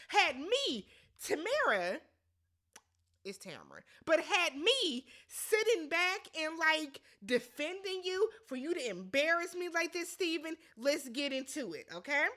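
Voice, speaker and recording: A woman hosting a casual recap show, talking bluntly and emphatically, swearing freely and slipping into quick imitations of the people she discusses. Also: high voice. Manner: animated and emphatic, blunt and profane, quick to mimic others. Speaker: reality show recap host.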